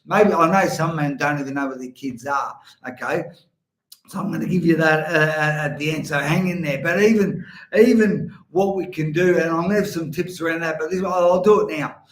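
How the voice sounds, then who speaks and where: A middle-aged man and men's coach giving an earnest motivational talk, speaking directly to listeners and calling them gentlemen. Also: on the high side. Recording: roomy echo.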